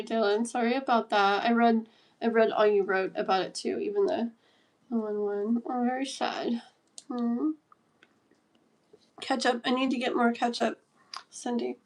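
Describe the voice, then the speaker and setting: A woman in her thirties hosting a casual livestream, chatting and giggling while reading comments aloud. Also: on the high side. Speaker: livestream tarot host.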